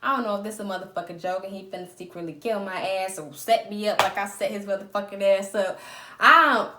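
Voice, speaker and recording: A woman vlogger telling a story in a lively, profane storytime style. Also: medium pitch, brisk, a little hiss or hum. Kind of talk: storytime vlog. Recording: roomy echo.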